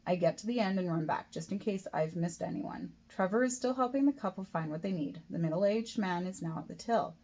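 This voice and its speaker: A woman's voice: on the low side, lively intonation, fairly quick, few pauses, mellow. A woman reading her own novel aloud as a first-person audiobook, in a plain reading voice that slips and restarts now and then.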